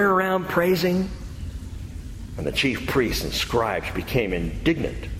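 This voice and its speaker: Man, pastor, emphatic sermon, lively pitch, echoey church hall. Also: a little slow, pauses often, a little hiss or hum. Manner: emphatic, animated preaching. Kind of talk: sermon with closing prayer. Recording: echoey hall with faint ambience.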